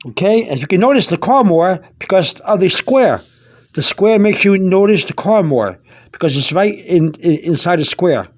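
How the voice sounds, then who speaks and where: A man's voice: high-pitched, lively intonation, moderate pace, dry recording, clean studio sound. A man giving a casual spoken language lesson, repeating himself with many fillers and restarts. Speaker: language teacher.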